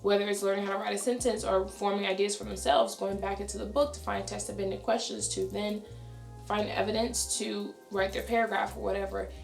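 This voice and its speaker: Raspy, tired young woman teacher vlogging. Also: medium pitch, little pitch movement, echoey room, soft background music. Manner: fast-talking and chatty. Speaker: elementary school teacher. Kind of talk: casual vlog talk to camera.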